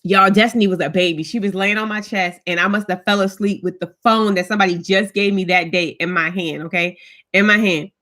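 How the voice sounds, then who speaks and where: A woman vlogger sits indoors at home, live streaming and telling stories in a chatty way while greeting commenters by name. She speaks briskly at a medium pitch, her tone steady and a bit bright.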